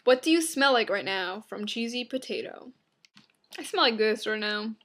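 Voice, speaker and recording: A young woman vlogger from Long Island reads out viewer questions and answers them in a blunt, flippant way. Her voice sits a little high for a woman, and she throws in quick offhand asides. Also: expressive, a bit bright. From Long Island, New York. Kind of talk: casual Q and A vlog.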